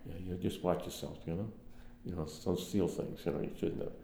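This older man from Brooklyn, New York, rambles anecdotally with many fillers during an oral history interview, in a Brooklyn accent. His voice sits low, gravelly and warm, with fairly even intonation at a brisk pace. The roomy recording carries a little hiss or hum.

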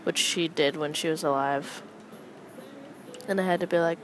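A young adult woman hosting a casual solo chat, rambling with wry, deadpan asides as she comments on people passing by. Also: deep voice, moderate pace, pauses often, slight background noise, poor audio. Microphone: close microphone.

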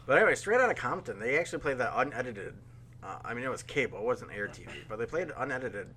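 A man co-hosting a podcast, telling things in quick casual chat. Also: mid-range voice, expressive, sharp tone, a little hiss or hum. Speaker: podcast co-host.

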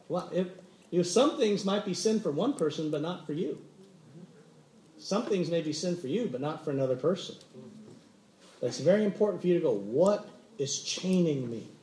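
A man with a bright, high voice preaches a sermon in a roomy, echoing church hall. He tells stories with lively energy and acts out everyday conversations. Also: a little hiss or hum. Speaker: pastor. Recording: roomy echo.

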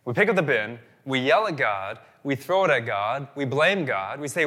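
A male pastor delivering a sermon in an animated, storytelling way, stacking repeated phrases for emphasis. His voice sounds bright and forceful, at a middle pitch for a man. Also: normal speed, hardly any pauses.

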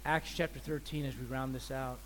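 A man preaching a sermon as pastor, telling animated stories and acting out the people in them. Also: mid-range voice, brisk, slight background noise. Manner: animated storyteller, acts out people's voices. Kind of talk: sermon with storytelling.

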